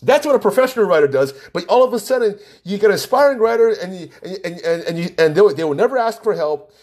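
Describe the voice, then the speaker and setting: A man talking casually to the camera, animated as he acts out both sides of an argument. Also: sits high, fast talker. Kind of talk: casual monologue.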